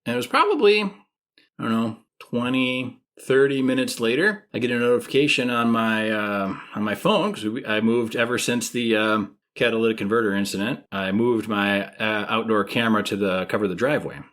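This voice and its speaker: A man's voice: fairly low pitch, normal speed, a bit bright. A man in his thirties, a podcast co-host, telling a story in casual chat and acting out the quoted voices.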